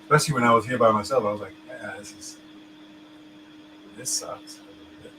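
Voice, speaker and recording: A man's voice: on the low side, a little fast, noisy background. A man hosting and teaching casually, rambling and checking in with "you understand me?". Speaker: host teaching Hebrew letters.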